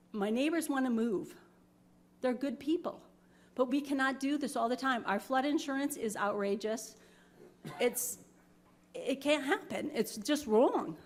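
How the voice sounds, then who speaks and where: A woman resident from New York, making an emotional public comment at a town board meeting, apologetic but insistent, at a podium microphone. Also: sits high.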